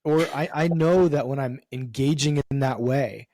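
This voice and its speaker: A man's voice: mid-range voice, normal speed, a crowd in the background. A man as a podcast guest, talking in an earnest, emphatic way with casual swearing. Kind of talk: candid conversational interview.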